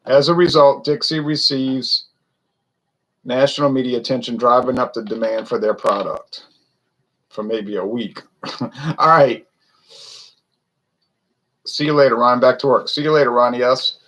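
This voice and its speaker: A man's voice: mid-range voice, fairly even intonation, a little slow, pauses often, fairly bright tone, poor audio. A man from Louisiana giving a casual, rambling beer review to viewers in a wry, self-correcting way. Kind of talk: casual solo livestream chat.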